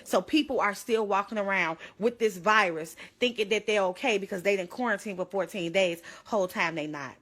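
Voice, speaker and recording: A woman's voice: medium pitch, a little fast, few pauses, a bit bright. A young woman pleading urgently into her phone on a livestream, holding back tears. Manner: urgent, pleading, tearful at times. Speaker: livestreamer sharing her own illness.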